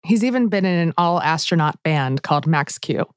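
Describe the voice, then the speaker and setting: Woman, documentary narrator, low voice, dry close studio sound, soft music behind. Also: expressive, moderate pace, smooth, no room sound.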